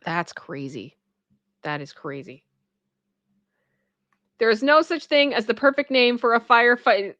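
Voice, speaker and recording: A woman hosting casual reaction commentary, chatty and expressive and quick to laugh. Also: on the high side, no echo, dull audio. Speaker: pop culture reaction host.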